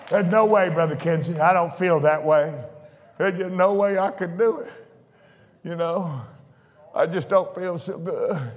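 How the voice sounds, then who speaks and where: Preacher man, high voice, gets loud and fiery, echoey church hall. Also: unhurried, faint music behind, a faint crowd. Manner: fervent, swings from soft asides to shouted declarations. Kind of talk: pentecostal sermon. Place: church sanctuary.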